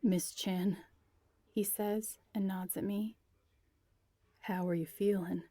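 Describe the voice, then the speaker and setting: A woman reading a story aloud, voicing an earnest young man who speaks softly. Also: medium pitch, fairly even intonation, takes it slowly, dry recording. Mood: apologetic. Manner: soft and earnest.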